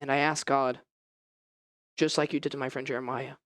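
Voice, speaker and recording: A man's voice: mid-range voice, moderate pace, dry recording, studio quality. Man telling a dramatic first-person sermon. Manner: animated storytelling, voice rising and falling. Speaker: preacher.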